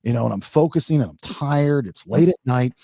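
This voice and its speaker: A man's voice: medium pitch, a little fast, gravelly, no room sound. A man hosting a podcast, telling a funny story in a casual, rambling way. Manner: rambling, animated, acts out his wife in quotes. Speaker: podcast host.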